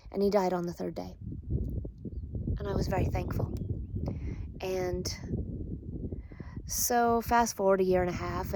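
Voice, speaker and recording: A middle-aged woman telling a personal story in a soft, hushed and earnest voice, with a slightly gravelly texture. Her pitch stays level and flat, and a faint hiss sits behind her. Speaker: respiratory therapist.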